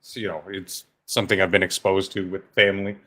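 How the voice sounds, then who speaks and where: A man's voice: sits low, flat delivery, fairly quick, bright, forceful tone. A man on a podcast panel, chatting casually and cracking jokes. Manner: joking, wisecracking. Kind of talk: casual chat.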